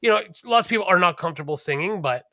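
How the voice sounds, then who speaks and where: A man co-hosting a podcast, chatting casually in a profane, rambling, animated way. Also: high voice, rapid-fire, no room sound, studio quality. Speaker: podcast co-host. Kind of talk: casual chat.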